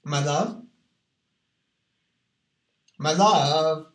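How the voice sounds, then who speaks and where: A woman chatting casually in a theatrical way, breaking into sung snippets and swinging between crooning and shouting. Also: deep voice, slow pace, pauses often. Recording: echoey room.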